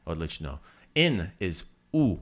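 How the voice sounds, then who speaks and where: A man co-hosting a podcast, patiently teaching a friend Croatian phrases in a casual lesson and repeating them slowly. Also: deep voice, big pitch swings, a bit bright.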